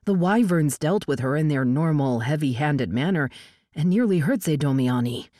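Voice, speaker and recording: Formal male elf escort, read by a woman; grave and courteous, kept low. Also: lively intonation, moderate pace, dark tone, dry recording, studio quality. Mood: earnest.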